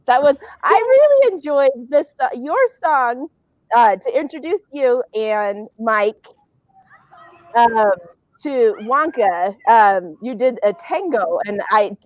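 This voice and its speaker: A woman with a high voice talks over a video call about directing a show. She rambles animatedly and laughs often. Her recording is dry, with no room sound. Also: animated, takes it slowly, no room sound, rough recording. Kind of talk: casual reunion chat.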